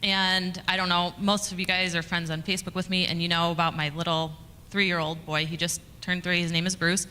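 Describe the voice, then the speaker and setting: Woman, lowish bright voice, chatty storyteller, conference speaker, reverberant hall. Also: little pitch movement, fairly quick, slight background noise. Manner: conversational, chatty, with fillers and restarts. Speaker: conference speaker, communications director. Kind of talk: storytelling talk to an audience.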